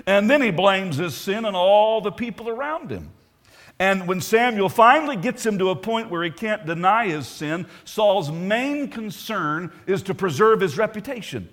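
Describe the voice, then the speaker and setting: Emphatic preacher man with lively pitch. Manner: emphatic, rhetorical questions to congregation. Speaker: pastor. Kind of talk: sermon.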